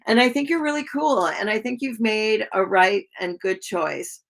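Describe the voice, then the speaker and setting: A woman giving live-stream tarot readings in a chatty, gushing way, full of likes and ums and quick laughs. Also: medium pitch, creaky. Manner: chatty, warm to viewers, laughs often. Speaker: tarot reader.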